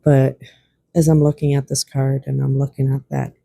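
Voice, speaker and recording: Oracle reader, reassuring and unhurried, dark husky voice, close dry sound. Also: mid-range voice, flat delivery, dry recording. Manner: gentle, reassuring, slightly rambling. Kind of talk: spiritual oracle card reading.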